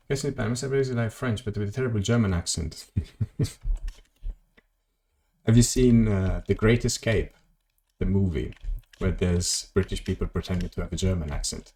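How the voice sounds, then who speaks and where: A man's voice: lowish voice, normal speed, long pauses, a little mellow. A man streaming a video game, rambling casually to his chat and swearing at mishaps. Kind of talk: casual gameplay commentary.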